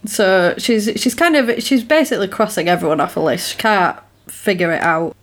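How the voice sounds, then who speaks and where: Woman co-host, casual film recap, giggly, acts out lines; mid pitch. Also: normal speed.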